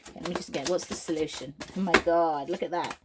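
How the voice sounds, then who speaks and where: Low-voiced rambling British woman reading tarot. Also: fairly even intonation, fast, very noisy. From United Kingdom. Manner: rambling and free-flowing, goes off on tangents with many restarts. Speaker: tarot reader and medium.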